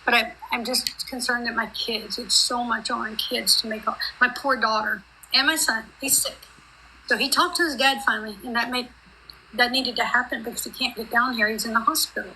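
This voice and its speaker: Bright-voiced woman, rambling and heartfelt. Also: on the high side, fairly even intonation, brisk, a little hiss or hum, low-quality recording. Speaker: guest on a group live stream. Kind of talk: emotional casual chat.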